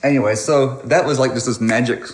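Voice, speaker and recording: A man's voice: mid-range voice, brisk, echoey room. A man in his thirties telling a story with lots of restarts, a guest in casual conversation. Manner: animated, rambling with restarts.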